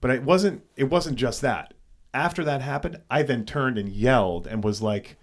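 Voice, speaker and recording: A man's voice: medium pitch, normal speed. A man co-hosting a podcast, telling a story casually and animatedly, with frequent swearing and restarts. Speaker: podcast co-host.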